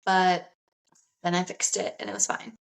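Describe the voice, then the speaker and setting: A woman's voice: fairly low pitch, little pitch movement, normal speed, creaky, low-quality recording. Young woman laughing through chatty stories. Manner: laughs often, chatty and self-mocking. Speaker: podcast co-host. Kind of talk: casual chat.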